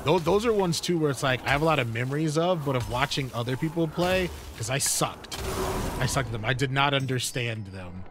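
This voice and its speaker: A man's voice: medium pitch, expressive, a little fast, noisy background. A man streaming a game live, chatting casually in a rambling, sidetracked way with many fillers. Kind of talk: casual gaming chat. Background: game music.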